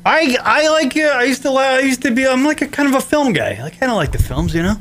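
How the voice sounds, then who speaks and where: A man's voice: extremely high pitch, expressive, fast, a bit bright, slight background noise. A male radio show host trading profane jokes, often stammering and restarting his sentences. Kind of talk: profane casual banter.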